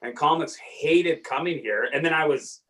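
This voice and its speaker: A man's voice: on the high side, moderate pace, far from the mic, poor audio. A man from Saskatchewan, a comedian guest, telling rambling, self-deprecating stories in casual podcast chat. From Saskatchewan, Canada. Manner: rambling, self-deprecating storyteller, acts out quotes loudly.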